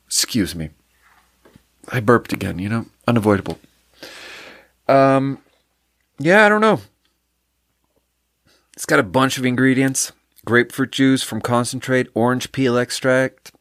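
A man's voice: mid-range voice, animated, a little slow, pauses often, fairly bright tone, no echo, studio quality. A man hosting a podcast, chatting on his own while tasting a drink, rambling and mocking himself in an offhand way. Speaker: podcast host. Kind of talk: casual solo drink tasting chat.

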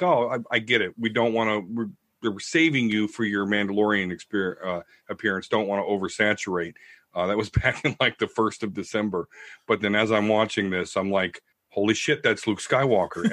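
A man on a close podcast microphone rambles with excitement, cutting himself off mid-thought. The sound is dry, with no room echo. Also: fairly low pitch. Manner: rambling, excited, self-interrupting. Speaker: podcast co-host. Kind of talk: casual podcast chat.

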